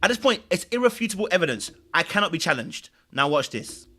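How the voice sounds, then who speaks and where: High-voiced guy doing reaction commentary, bright tense tone, keeps repeating himself to explain. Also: fast. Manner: explanatory, animated, repeats phrases. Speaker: host and commentator. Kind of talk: reaction commentary on reality TV clips.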